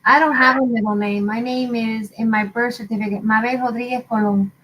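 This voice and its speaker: A woman's voice: fairly high pitch, steady tone, fairly quick, fairly bright tone, slight background noise, poor audio. A woman from Puerto Rico chatting casually, explaining things at length in a friendly way. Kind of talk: casual chat.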